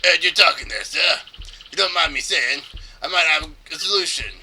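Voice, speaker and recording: A man voicing a gruff old male sailor with a put-on pirate accent, speaking respectfully to his captain. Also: on the high side, animated, brisk, sharp tone, a little hiss or hum. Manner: respectful, salty talk.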